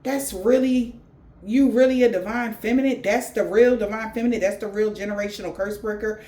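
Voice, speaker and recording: A woman's voice: medium pitch, brisk. Profane slangy woman giving a reading. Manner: blunt, profane, slangy, animated. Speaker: tarot reader. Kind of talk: spiritual reading monologue.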